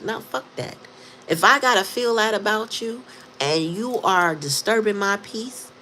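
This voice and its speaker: Blunt, profane woman with a low voice. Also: fairly bright tone, a little hiss or hum. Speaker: tarot reader. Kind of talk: casual monologue to viewers.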